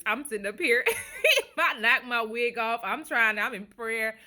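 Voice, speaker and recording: A woman with a bright, fairly high voice tells a story straight to her phone camera. She is animated and keeps breaking into laughter, chatting casually to her viewers. The handheld phone gives it a close, everyday vlog sound. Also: normal speed. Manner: animated, laughing often while telling a story. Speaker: vlogger.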